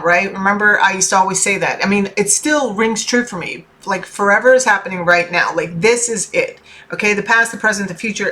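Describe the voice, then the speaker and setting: Bright-voiced woman giving casual pep talk. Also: mid-range voice. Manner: chatty, keeps checking in with "okay?", swears casually; earnest and heartfelt. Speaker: tarot reader and life coach. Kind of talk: casual motivational talk to viewers.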